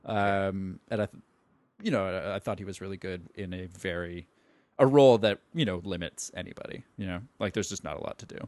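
Low voiced dude on a movie podcast, lots of um and you know, kinda hesitant. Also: male voice, fairly quick, darkish tone, no echo. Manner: hesitant, many fillers and restarts. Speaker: podcast co-host. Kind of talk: casual film discussion.

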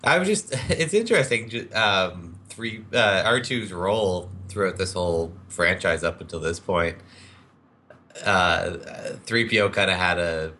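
Deep, bright-voiced man chatting about films. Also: animated, unhurried. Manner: enthusiastic, rambling with fillers. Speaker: podcast co-host. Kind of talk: casual film discussion.

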